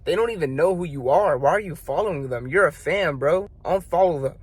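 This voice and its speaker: A man's voice: on the high side, expressive, fairly quick, breathy edge, dry recording. A young man telling a story and giving blunt, profane, slang-heavy self-improvement advice. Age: young adult. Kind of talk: casual advice monologue.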